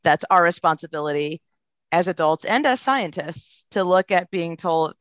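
Speaking at a normal pace in an expressive, somewhat bright mid-range voice, a behavior analysis professional appears as a podcast guest. Answers come earnestly and reflectively as the guest works through ideas aloud. The sound is dull and lo-fi, fully dry with no room around the voice.

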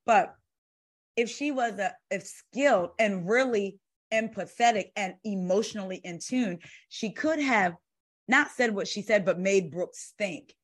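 A woman's voice: medium pitch, unhurried. A woman, chatting casually about reality TV as a podcast co-host, sassy and blunt with her opinions. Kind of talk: casual reality-TV recap chat. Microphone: video call.

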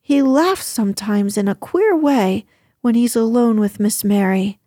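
A woman's voice: a little high, measured pace, mellow, no room sound, clean studio sound. A woman reading the lines of a flustered, deferential middle-aged housekeeper who speaks in a fussy, hesitant way. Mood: fussing.

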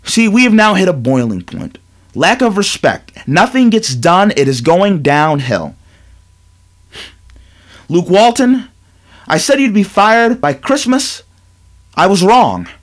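A man's voice: high-pitched, sing-song, unhurried, pauses often. A man hosting a sports talk show, giving an emphatic, lecturing commentary monologue full of repetition.

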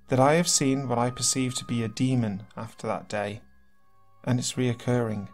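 A man reading submitted horror stories aloud as narrator, in steady, earnest storytelling. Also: medium pitch. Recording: faint music behind.

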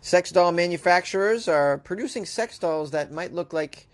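Male host, slightly high voice, sarcastic comic news riffs, laughs a lot. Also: expressive, moderate pace, hardly any pauses. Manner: sarcastic, riffing, laughs often. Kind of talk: comedic news commentary.

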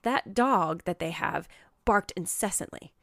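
A woman's voice: lowish voice, unhurried, gravelly, fairly bright tone, no echo, studio quality. A woman co-hosting a podcast, chatting casually and telling a story with lots of acted-out quotes. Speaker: podcast co-host.

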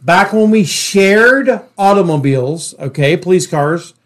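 A man's voice: high voice, lively intonation, measured pace. A middle-aged man, a former police officer, telling stories casually and animatedly, often laughing. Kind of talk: casual storytelling.

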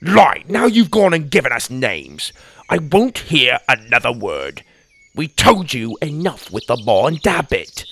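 A man voicing a stubborn, suspicious father who has lost his memory, speaking loudly and brusquely. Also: medium pitch, big pitch swings, unhurried, vocal fry, no echo, pitched above the performer's own voice, heavily acted. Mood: indignant. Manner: loud, indignant, brusque.

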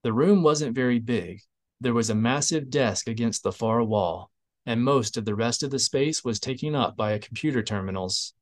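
A man narrating an audiobook in a steady, even reading voice. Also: mid-range voice, moderate pace. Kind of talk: scripted narration.

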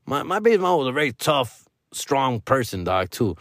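A man's voice: mid-range voice, sing-song, fairly quick, a bit bright, no echo, clean studio sound. A man in his forties telling a casual story, full of slang and tossing in Spanish now and then. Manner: slangy, peppers talk with "dog" and "bro"; switches into Spanish mid-story.

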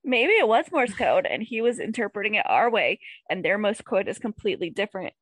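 A woman's voice: mid-range voice, very animated, fairly quick, breathy edge, no echo. A woman co-hosting a casual podcast, giggly and playful, joking along. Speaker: podcast co-host. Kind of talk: casual chat.

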